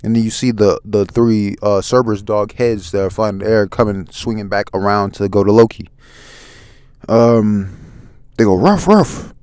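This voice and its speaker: A man casually recapping a manga chapter, relaxed with many fillers. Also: fairly low pitch, fairly quick, hardly any pauses, clear, resonant tone, no room sound. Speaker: manga reviewer.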